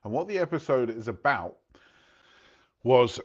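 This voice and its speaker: Chatty guy talking to camera, relaxed asides, medium voice, kinda muffled lo-fi audio. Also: mid-range voice, measured pace. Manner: chatty storyteller, many asides. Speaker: host. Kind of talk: casual talk to camera.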